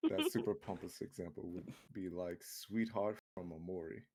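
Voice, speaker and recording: A man's voice: sits low, fairly even intonation, normal speed, a little mellow, slightly rough. A man chatting playfully on a game stream. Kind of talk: casual chat.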